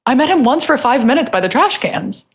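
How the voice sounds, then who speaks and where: A woman's voice: sits high, lively intonation, brisk. A young woman comedian with a New Jersey accent, telling stories in a casual podcast chat, laughing often and putting on exaggerated voices. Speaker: comedian guest.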